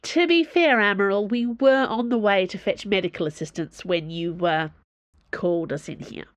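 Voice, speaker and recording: A woman's voice: mid-range voice, moderate pace, dry recording, close to an everyday voice. A woman voicing an apologetic space musketeer who speaks politely, in audiobook narration.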